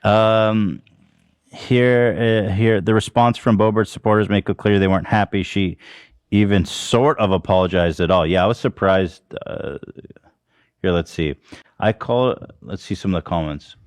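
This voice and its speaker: A man's voice: on the low side, moderate pace, no echo. A man co-hosting a casual podcast, trading sarcastic, mocking jokes. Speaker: podcast co-host. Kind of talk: casual comedic podcast chat.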